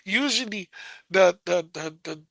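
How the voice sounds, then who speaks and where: A middle-aged man with a Bronx New York accent, co-hosting a podcast and telling stories in a sarcastic, animated way. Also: high-pitched, unhurried, vocal fry, dry recording. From South Bronx, New York. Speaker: podcast co-host. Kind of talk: casual chat, storytelling.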